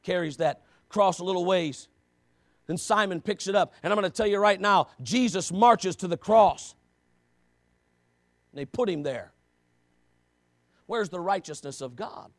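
A man preaching a sermon, moving between quiet, low passages and loud, shouted emphasis, with repeated rhetorical questions. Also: a little slow, long pauses, no echo, studio quality.

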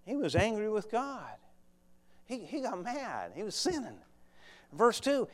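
A male preacher delivering a fervent sermon, moving between quiet asides to the congregation and loud exhortation. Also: very high-pitched, big pitch swings, a little slow, pauses often.

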